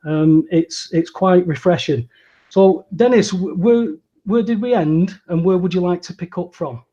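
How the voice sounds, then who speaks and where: A man hosting a casual talk show, rambling and restarting his sentences and growing animated when he agrees. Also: high voice, measured pace, dull audio. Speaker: host. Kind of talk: casual conversational podcast chat.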